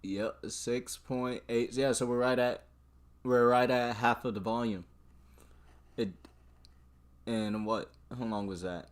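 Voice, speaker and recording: A man's voice: medium pitch, steady tone, takes it slowly, pauses often, clean tone. A young man from Arizona giving casual, profane live stock trading commentary, with frequent laughing asides.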